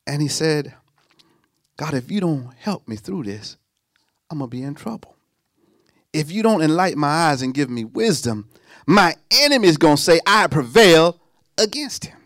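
A man preaching a sermon, animated, with sung lines and sudden drops to a hush. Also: fairly high pitch, moderate pace, long pauses, no echo, clean studio sound.

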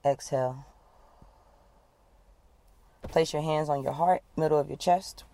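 A woman coach leading listeners through a guided breathing exercise, giving calm, repeated instructions. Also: sits low, measured pace. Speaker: wellness coach.

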